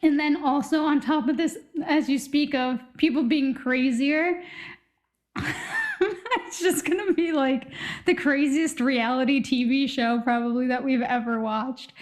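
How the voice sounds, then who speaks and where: Woman, fairly high voice, casual podcast chat, rambling and musing, light laughter. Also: fairly even intonation, unhurried. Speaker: podcast co-host.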